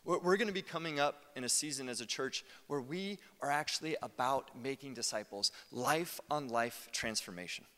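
An American man in his thirties, a pastor giving a conversational sermon with lively asides. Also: medium pitch, moderate pace, few pauses. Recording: long hall reverb.

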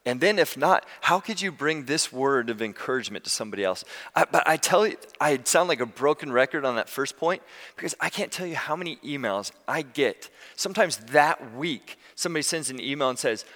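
A man preaching a sermon as pastor, telling stories in a conversational, animated way. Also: medium pitch, brisk, long reverb tail.

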